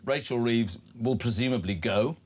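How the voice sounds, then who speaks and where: A man's voice: medium pitch, moderate pace, slightly rough. A man hosting breakfast radio, chatting casually and reading out listener messages with blunt jokes. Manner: jokey, blunt, reads listener messages aloud. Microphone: studio microphone.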